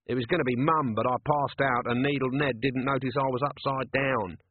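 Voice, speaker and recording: A man's voice: mid-range voice, fairly even intonation, brisk, slight background noise, close to an everyday voice. A man voicing a cheeky, coarse, chatty watchman in an audiobook. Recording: tinny lo-fi dry recording.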